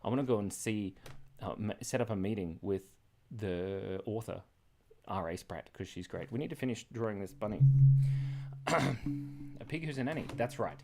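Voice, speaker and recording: A man's voice: lowish voice, moderate pace, pauses often, a little mellow, faint music behind. An Australian man hosting a live drawing stream, chatting in a scattered, rambling way, laughing often and reacting to chat messages. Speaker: livestream host drawing and reading chat.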